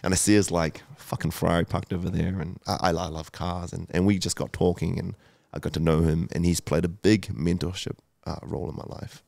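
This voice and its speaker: A man's voice: low voice, steady tone, brisk, gravelly, few pauses, darkish tone, no room sound. A man in his thirties, a podcast guest, telling his story candidly and emotionally, with lots of swearing, fillers and restarts. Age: 30s.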